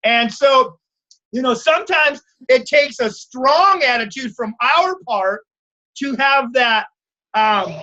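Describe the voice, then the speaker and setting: Bright-voiced man coaching over a video call. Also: very high-pitched, muffled recording. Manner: storytelling, asks the group for agreement. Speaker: salon coach leading a stylist call. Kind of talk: casual group coaching talk.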